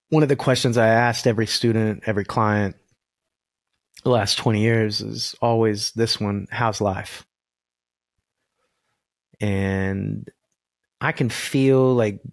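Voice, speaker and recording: Earnest and spiritual, a voice coach on the low side tells animated stories about spirit and energy during a video-call podcast conversation. The recording is studio quality with no echo.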